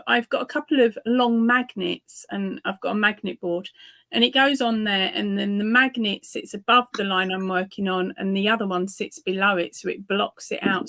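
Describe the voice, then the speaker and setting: A woman's voice: mid-range voice, pushed and bright, no echo. A woman chatting on a crochet livestream, friendly and explaining things step by step. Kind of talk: casual crochet livestream chat.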